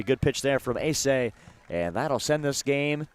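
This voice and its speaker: A young man calling baseball play-by-play, briskly calling each pitch between talk of the standings. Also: lively intonation, smooth. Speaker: play-by-play announcer.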